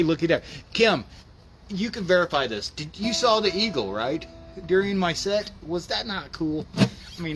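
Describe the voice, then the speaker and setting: A man's voice: a little high, background noise. A man chatting casually on a livestream, rambling in an easygoing way. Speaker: musician and vlog host. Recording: loud guitar music underneath.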